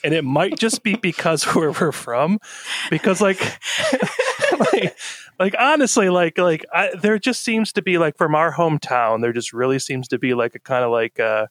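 A man's voice: on the high side, sing-song, moderate pace, fairly bright tone, no echo, clean studio sound. A man with a young daughter chatting casually on a podcast, rambling with lots of fillers and restarts. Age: adult with a young daughter. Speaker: podcast co-host. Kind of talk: casual chat.

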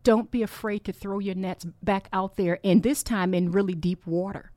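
A woman's voice: mid-range voice, fairly even intonation, normal speed, mellow, no room sound. A woman hosting a podcast, giving a heartfelt, encouraging faith talk with personal stories that ramble and restart. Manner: earnest, heartfelt, exhorting. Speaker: podcast host.

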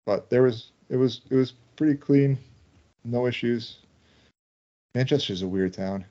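A man's voice: mid-range voice, a little slow, mellow. A man co-hosting a casual podcast chat, blunt and swearing freely. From New Hampshire. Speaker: podcast co-host. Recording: dull lo-fi sound.

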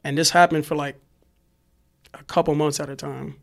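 A man tells a wild street story in loose, casual chat. His voice sits a bit high for a man, and he jumps into loud shouted impressions of the people in the story. He swears freely and fills every gap with "like.". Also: moderate pace, gravelly. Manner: animated, profane, lots of "like", acts out yelling voices. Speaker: graffiti writer guest.

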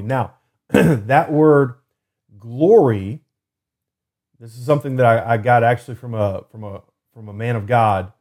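A man talks through a faith podcast from his desk in a warm, mellow voice. He speaks in an easygoing, earnest way and slows down to give scripture readings weight. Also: mid-range voice. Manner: earnest, loose and conversational, reads scripture slowly and emphatically. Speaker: podcast host. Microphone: computer desk setup.

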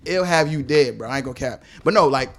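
A man in casual podcast chat, an animated storyteller who slips into slangy banter. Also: mid-range voice, fast talker. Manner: animated storyteller, acts out voices from shows; slangy, laughing. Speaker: podcast co-host.

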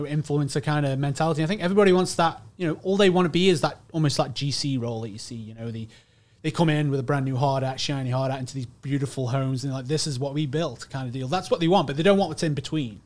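A man co-hosting a casual podcast, talking quickly and filling his speech with "you know.". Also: a little high, darkish tone. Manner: rapid talk, many fillers like "you know". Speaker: podcast co-host.

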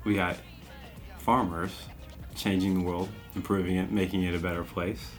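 A man's voice: sits low, level tone, normal speed, soft background music. A young man co-hosting a casual podcast, talking in a laid-back, rambling way and laughing at his own slips. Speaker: podcast co-host.

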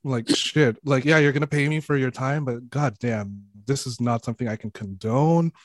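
A man's voice: mid-range voice, moderate pace, no echo. Frank, joking man podcast guest. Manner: frank, joking, often laughing. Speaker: podcast guest, sex educator. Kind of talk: casual podcast chat.

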